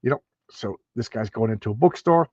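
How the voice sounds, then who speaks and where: A man's voice: mid-range voice, lively intonation, fairly quick, mellow, dry recording, lo-fi sound. A man casually reading through an old comic and commenting on it, rambling with restarts and asides. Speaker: comic book reviewer.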